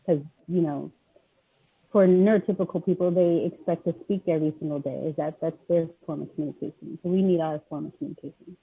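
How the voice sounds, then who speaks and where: A woman guest speaker explaining autism advocacy on a video call, halting with many pauses and fillers. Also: low voice, steady tone, husky. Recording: tinny phone-like call audio.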